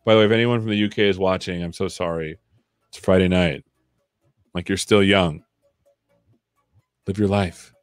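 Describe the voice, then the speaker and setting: A man's voice: low-pitched, steady tone, moderate pace, long pauses, clear, resonant tone, dry recording. Chatty man live-coding, dry close sound. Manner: chatty, jokey, thinking aloud while typing. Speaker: host of a live coding stream. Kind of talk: casual live-coding chat.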